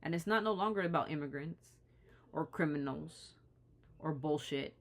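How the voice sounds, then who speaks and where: A woman vlogger with a deep voice speaks straight to the camera at a moderate pace. Her vlog is impassioned, indignant and pleading, and she often restarts her sentences.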